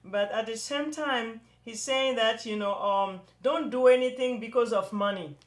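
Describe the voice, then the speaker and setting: Woman host, high-pitched, enthusiastic, chatty spiritual talk with lots of restarts. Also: normal speed. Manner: enthusiastic, full of "you know" fillers and restarts.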